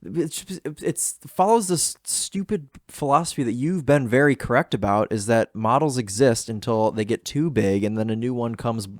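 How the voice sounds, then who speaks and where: A man's voice: mid-range voice, expressive, moderate pace, hardly any pauses, dry recording, studio quality. A man co-hosting a car podcast in casual chat, rambling and enthusiastic with lots of fillers. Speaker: podcast co-host.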